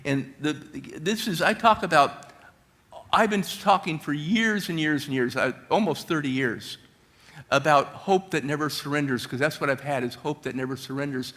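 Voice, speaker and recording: A middle-aged man giving a motivational talk at a church, telling stories with high energy. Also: moderate pace, a bit bright. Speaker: guest speaker.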